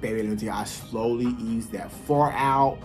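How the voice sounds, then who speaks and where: A man telling a casual story to his viewers, animated and blunt, swearing freely and talking straight to them. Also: medium pitch, moderate pace, faint music behind. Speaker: vlogger. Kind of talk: casual story time while eating.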